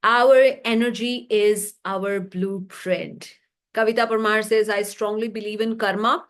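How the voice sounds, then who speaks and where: A woman teaching a live online class, reading chat replies and explaining with rhetorical questions and animated stories. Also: a little slow. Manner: animated storytelling, rising pitch for emphasis. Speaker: energy healing teacher.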